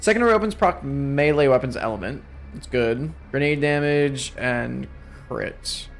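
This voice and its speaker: A man's voice: medium pitch, animated, measured pace, gravelly, soft background music. A young man streaming a video game, sounding exhausted and talking in a rambling, self-deprecating way. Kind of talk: casual gameplay commentary.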